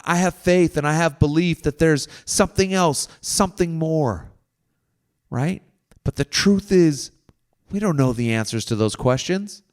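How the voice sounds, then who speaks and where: A man talking through his feelings in a slow, wandering monologue, often asking "right?" and sometimes dropping to a soft, near-whispered voice. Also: fairly high pitch. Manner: slow, meandering, repeats "right?". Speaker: podcast host. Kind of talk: reflective spoken monologue.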